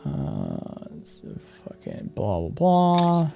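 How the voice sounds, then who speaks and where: With a lowish, gravelly, mellow voice, an American live-stream host talks slowly and casually, his pitch swinging hugely. He rambles, says um a lot, and swears often.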